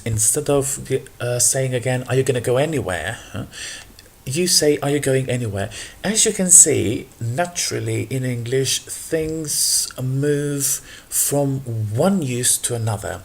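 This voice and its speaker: Man, English teacher, gravelly voice, unscripted grammar explanation, patient, lots of ums. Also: medium pitch. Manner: unscripted, patient, with frequent ums and repeated examples.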